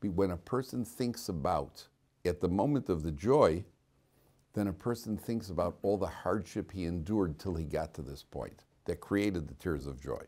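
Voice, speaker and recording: A man's voice: deep voice, moderate pace, warm tone, breathy edge. A man teaching a class as a rabbi, talking informally, questioning students and cracking jokes, with frequent restarts.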